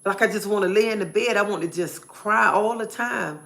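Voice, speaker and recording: A woman's voice: mid-range voice, fairly quick, gravelly, a bit bright. A woman live streamer giving an emphatic personal testimony, repeating phrases in a preacherly way.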